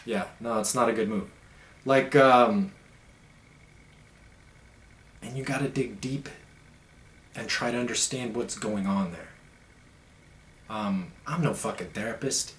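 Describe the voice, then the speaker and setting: A man's voice: mid-range voice, normal speed, fairly bright tone. A young man talking blunt, profane and emphatic in a casual monologue as a podcast host. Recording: echoey room.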